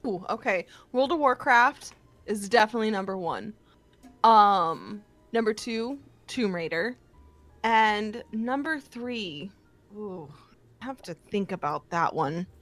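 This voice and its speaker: A woman's voice: expressive, slow pace, faint music behind. A woman voice actress answering interview questions in casual chat, enthusiastic and often laughing. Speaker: guest, voice actress. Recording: loud rumbling background noise.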